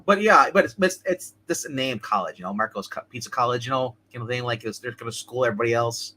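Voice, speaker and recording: A man co-hosting a casual livestream, talking in quick bursts with lots of restarts. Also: mid-range voice. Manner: quick, animated, stumbling restarts. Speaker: livestream co-host.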